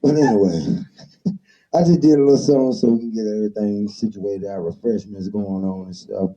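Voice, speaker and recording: A man hosting a casual talk show, opening with rhythmic, hyped slang before easing into relaxed chat. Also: on the low side, moderate pace. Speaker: show host. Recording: dull lo-fi sound.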